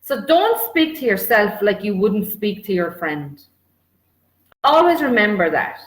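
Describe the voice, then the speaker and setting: A woman talks through a self-help lesson, loose and conversational, leaning on "like" as she goes. Her voice sits at an ordinary middle pitch. The room around her rings with a noticeable echo. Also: sing-song, unhurried. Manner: conversational, many filler "like"s. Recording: roomy echoey room.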